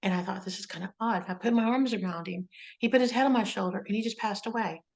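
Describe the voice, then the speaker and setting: A woman hosting an interview, speaking gently and consolingly to her guest. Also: mid-range voice, quick pace, gravelly, poor audio. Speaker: interview host. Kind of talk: interview conversation.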